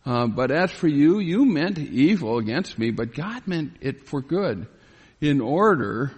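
A man's voice: fairly high pitch, animated, darkish tone, husky. A man preaching a sermon, reading scripture verses aloud and stopping to explain them, growing earnest and pleading as he voices a biblical figure. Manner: reads scripture aloud and pauses to explain, grows pleading when voicing Joseph. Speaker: pastor. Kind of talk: expository Bible sermon. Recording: long reverb in a hall.

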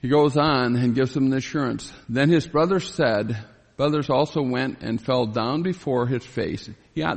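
Gravelly preacher in a reverberant hall. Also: male voice, medium pitch. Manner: reads scripture aloud and pauses to explain, grows pleading when voicing Joseph. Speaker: pastor. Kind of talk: expository Bible sermon.

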